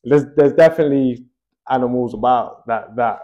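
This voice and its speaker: A man's voice: mid-range voice, normal speed, muffled recording. A young Australian man telling a rambling story in casual chat, dotting his talk with "like" and "bro".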